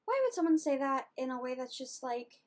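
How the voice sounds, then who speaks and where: A woman's voice: sits high, very animated, a little fast, darkish tone. A woman of eighteen, ranting animatedly and indignantly in a casual video journal. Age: late teens.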